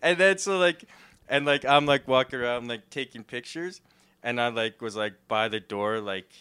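A man's voice: medium pitch, moderate pace, pushed and bright, clean tone, no room sound. A young man in casual chat, rambling with many fillers and giggling often.

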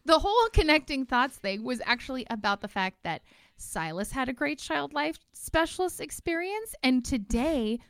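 A woman co-hosting a podcast, with a voice a bit higher than most. She gushes quickly with many fillers, recorded dry and close. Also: sing-song, fairly bright tone, clean tone, no room sound. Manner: effusive, quick, full of fillers. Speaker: podcast co-host. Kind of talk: casual podcast chat.

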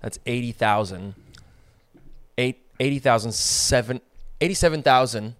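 A man's voice: medium pitch, measured pace, fairly bright tone, no echo. A young man co-hosting a podcast, chatting casually and thinking aloud with lots of fillers. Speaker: podcast co-host. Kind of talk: casual chat.

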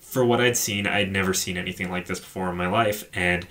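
A man's voice: low voice, steady tone, fairly quick, a bit bright. A man co-hosting a casual film podcast, talking in a loose, rambling way with plenty of swearing and fillers. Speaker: podcast co-host.

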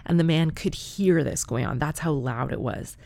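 A woman's voice: low voice, normal speed, gravelly, dark tone, no room sound. A woman telling a comic story in a chatty, wry, profane way.

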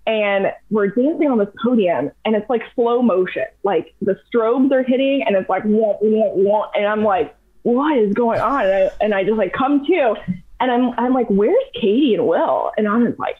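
A young adult woman telling a long story in casual, animated chat, full of fillers. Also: mid-range voice, moderate pace, husky. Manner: chatty, animated, heavy use of "like". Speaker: podcast guest. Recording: tinny phone-like audio.

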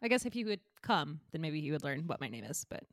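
A woman co-hosting a casual comedic podcast, gently teasing and supportive, reading a recipe out crisply. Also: low-pitched, sing-song, quick pace, dry recording, clean studio sound. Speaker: co-host.

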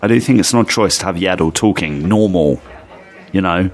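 A man's voice: sits low, brisk. A man co-hosting a podcast, reading out a listener's question and chatting casually, hesitant with restarts. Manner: hesitant, restarts, reads aloud. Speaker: podcast co-host.

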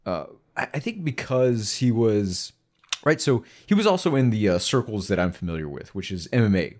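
Casting: low-pitched male co-host, blunt and frank, loose casual delivery. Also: sing-song, moderate pace, a little mellow. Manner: frank, blunt, with lots of filler words. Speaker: podcast co-host. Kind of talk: casual chat.

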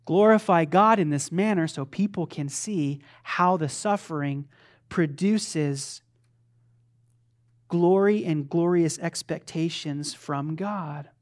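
A man preaching a sermon, moving between loud fervent declarations and soft, conversational asides. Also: a little high, slow pace. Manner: acts out quoted voices of his children playfully. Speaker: pastor.

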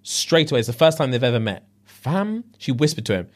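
Animated man retelling drama. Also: mid-range voice, fast, hardly any pauses. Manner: animated storyteller, acts out quotes, heavy slang. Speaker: podcast co-host. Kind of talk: casual chat, retelling a reality show.

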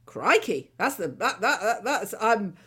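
A woman in her sixties co-hosting a podcast, chatting casually with an expressive, exclamatory manner. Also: mid-range voice, a little slow, slightly rough. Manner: expressive, exclamatory, laughs often. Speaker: podcast co-host. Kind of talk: casual chat.

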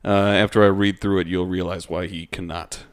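A man with a lowish voice reads a document aloud for a podcast. He stumbles over words, adds fillers and pauses for dry asides to his co-host. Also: flat delivery, smooth. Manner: reads aloud haltingly with fillers, breaks off for wry comments. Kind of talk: casual podcast reading with asides.

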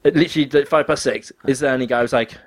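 A man's voice: medium pitch, very fast. A young man telling a story in casual chat, swearing freely and acting out what other people said. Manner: animated, swears often, acts out quoted dialogue.

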